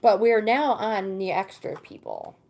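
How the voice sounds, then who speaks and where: A woman's voice: medium pitch, animated, darkish tone. Chatty woman reading tarot cards live. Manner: chatty, greets viewers by name between readings; reads card meanings aloud with pauses and fillers. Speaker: tarot card reader and livestream host.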